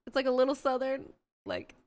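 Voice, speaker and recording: A woman's voice: sits high, huge pitch swings, fairly quick, a little mellow. A woman hosting a stream, chatting casually and rambling as she searches aloud for words. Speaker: streamer host. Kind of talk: casual chat while building a game character.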